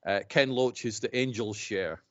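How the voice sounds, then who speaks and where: A man's voice: mid-range voice, measured pace, a bit bright, dull audio. A man in his fifties from Scotland with an accent mixed between Scottish and English, chatting casually as a podcast co-host and laughing often. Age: 50s. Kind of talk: casual chat.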